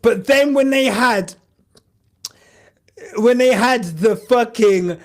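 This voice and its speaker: A man's voice: extremely high pitch, slow. A young man hosting a live stream, chatting casually and emotionally in a rambling way with lots of fillers. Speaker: podcast host streaming live.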